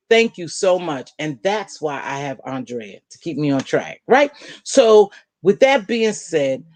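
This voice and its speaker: Her voice is on the low side and a little mellow, with no echo, as this woman host chats casually with viewers and answers their comments. Direct and emphatic, she repeats points for emphasis.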